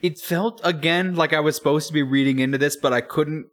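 A man's voice: a little high, fairly quick. A man co-hosting a casual podcast, hesitant and searching for words, with frequent chuckles. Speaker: podcast co-host.

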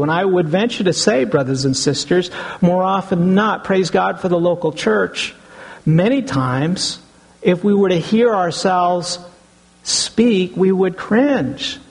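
A man's voice: high voice, vocal fry, husky, low-quality recording. A middle-aged man, a pastor, preaching an earnest sermon and often addressing the congregation as brothers and sisters.

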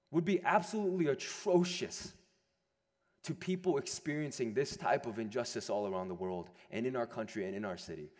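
A young adult man preaching a sermon to a room of listeners, animated, moving between loud emphasis and hushed quiet passages. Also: mid-range voice. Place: large room with an audience. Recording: long hall reverb.

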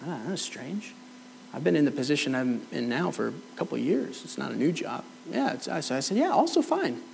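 A man's voice: mid-range voice, lively intonation, fairly quick, gravelly, slight background noise, low-quality recording. A middle-aged man preaching a sermon, telling a personal story and acting out both sides of the conversation. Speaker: pastor. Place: church hall.

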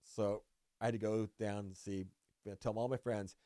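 A man in his sixties, a podcast guest, telling animated, profane stories in casual chat and acting out quotes. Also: lowish voice, normal speed, no echo, studio quality.

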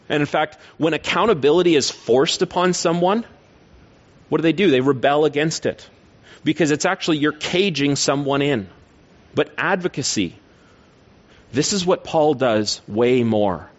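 A man's voice: fairly high pitch, moderate pace, dull audio. A male preacher giving a sermon in an earnest, teacherly way, often posing rhetorical questions.

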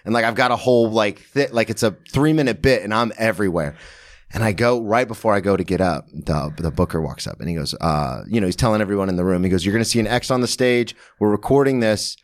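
A man's voice: fairly low pitch, quick pace. A young adult man, a comedian hosting a podcast, chatting casually, laughing along and acting out other people as he tells stories.

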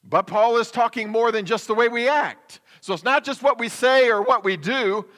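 A male pastor delivers a sermon in an easy, conversational way, tossing rhetorical questions to the congregation. His voice sits high and sounds bright and forceful. It rings with a long reverb through a church sanctuary. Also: moderate pace.

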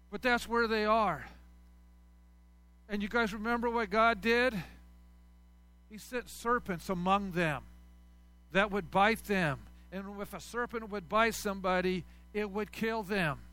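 A pastor delivering a sermon to his church, swinging between loud preaching and soft, quiet asides. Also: high-pitched.

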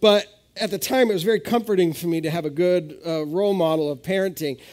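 A man in his thirties preaching a sermon at a live church service, telling stories with sudden jumps in pitch and loudness. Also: fast talker. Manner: animated storytelling with sudden rises in pitch. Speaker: pastor.

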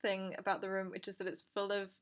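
A woman's voice: mid-range voice, monotone, fast talker. A woman co-hosting a podcast, talking over a film casually with many restarts and trailing thoughts. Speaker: podcast co-host.

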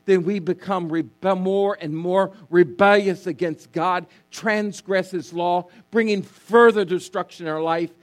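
High-voiced preacher, slow and emphatic. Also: male voice, fairly even intonation. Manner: emphatic preaching, repeats key words, asks congregation to respond. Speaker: pastor. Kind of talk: sermon.

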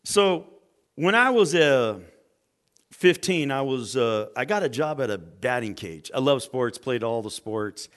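A man's voice: medium pitch, measured pace. A middle-aged man preaching as a pastor, telling personal stories and acting out the voices of the people in them. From California. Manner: animated storyteller, acts out quoted voices. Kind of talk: sermon storytelling.

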